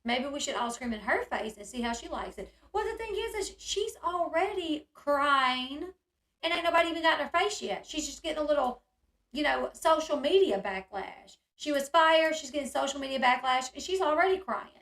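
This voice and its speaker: A woman's voice: sits high, animated, moderate pace, a bit bright, reverberant. A woman hosting a live online discussion, reacting with indignation and answering viewers' comments. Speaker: channel host reading chat and commenting.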